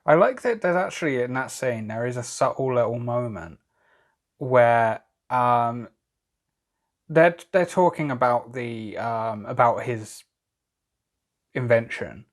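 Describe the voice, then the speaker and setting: A man's voice: mid-range voice, animated, takes it slowly, pauses often. A young man co-hosting a casual film podcast, talking in a reflective, hedging way. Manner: reflective and hedging, with "I guess" and "sort of". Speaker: podcast co-host.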